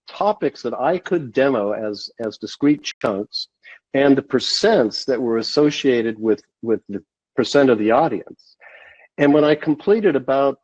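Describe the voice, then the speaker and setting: A man being interviewed on a podcast, telling a story at a steady, measured pace. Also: medium pitch, breathy edge, no room sound. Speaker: guest, sales consultant. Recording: dull, dry lo-fi sound.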